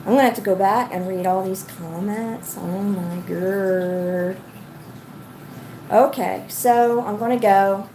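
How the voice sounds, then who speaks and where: A woman's voice: mid-range voice, fairly even intonation, slow, mellow, slight background noise. A woman hosting a casual livestream, rambling and chatty as she answers comments from her viewers. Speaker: livestream host.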